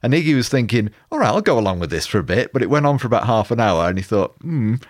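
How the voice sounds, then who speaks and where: Brisk fast-talking man co-host. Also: fairly low pitch, very animated. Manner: brisk, reads out passages and recounts anecdotes. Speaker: podcast co-host. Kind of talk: casual chat about music history.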